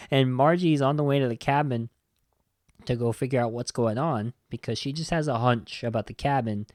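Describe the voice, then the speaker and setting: Podcast host man, mid-pitch, retelling movie scenes loosely, lots of likes, dry close sound. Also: normal speed, darkish tone, no room sound. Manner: rambling, loose, full of "like" and "you know". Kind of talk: casual movie recap.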